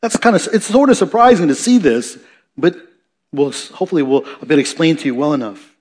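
A man preaching a sermon, rising loud for emphasis, dropping soft, with chatty asides and self-corrections. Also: fairly high pitch, animated, a little fast, husky. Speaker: pastor.

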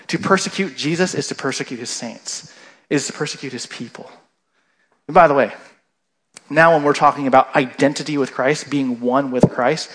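A male pastor giving a sermon in a relaxed, conversational manner. His voice sits a little high, and he keeps checking in with the congregation as he goes.

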